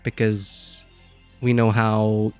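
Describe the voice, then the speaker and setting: A man's voice: on the low side, monotone, drawn-out words, a little mellow, clean tone, faint music behind. A man chatting casually on a live stream, rambling and friendly as he greets viewers.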